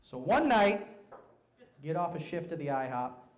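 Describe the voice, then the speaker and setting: A young man doing a stand-up routine, telling profane stories in a brash, animated way on a club stage. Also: a little high, measured pace, slight background noise. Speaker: stand-up comedian. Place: comedy club stage before a live audience.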